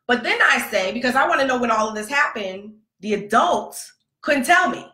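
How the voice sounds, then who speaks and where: Woman host, 30s, animated storyteller, bright voice, echoey room. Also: fairly high pitch, moderate pace. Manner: animated, laughing, acts out quotes. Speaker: podcast host, mother. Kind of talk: casual storytelling monologue.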